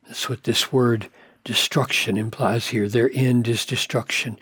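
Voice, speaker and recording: An older man teaching on a Bible passage, earnest and deliberate, leaning hard on key words. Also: medium pitch, steady tone, husky, no room sound, clean studio sound. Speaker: pastor.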